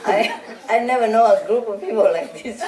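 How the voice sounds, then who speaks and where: A woman's voice: on the high side, very noisy. Playful woman teacher in an echoey hall. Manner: playful, teasing, laughs often. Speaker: spiritual teacher. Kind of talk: informal talk to a group of followers. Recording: roomy hall, voice from a distant mic. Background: audience laughing.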